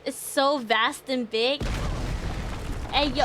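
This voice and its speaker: A woman streaming a horror game live, excitable, yelping, swearing and laughing as she plays. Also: high-pitched, slow pace, noisy background. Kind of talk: live gaming stream commentary.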